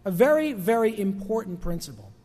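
A man preaching a conversational sermon as pastor, dropping quiet for emphasis and rising for asides. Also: sits high, huge pitch swings, fairly quick, long reverb tail. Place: church sanctuary.

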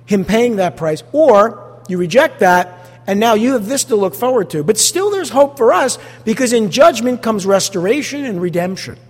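A high-pitched male pastor delivers an animated sermon in a large, resonant space, peppering the congregation with rhetorical questions.

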